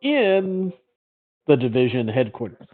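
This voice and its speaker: A man's voice: mid-range voice, big pitch swings, normal speed. A man playing in a tabletop game, musing and asking questions in casual chat. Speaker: player. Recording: phone-like online call.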